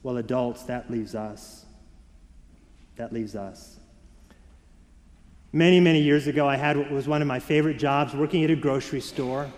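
A man preaching a Sunday sermon as pastor, shifting between soft, slow emphasis and lively storytelling for the children. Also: mid-range voice. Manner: varied and expressive, dropping soft for emphasis, rising for children. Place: church sanctuary. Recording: church hall reverb.

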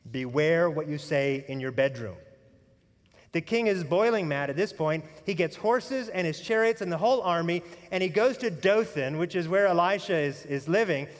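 A man preaching a sermon as pastor, telling the story with animated energy and folksy humorous asides, sometimes dropping to a hushed tone. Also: on the high side, in a large hall.

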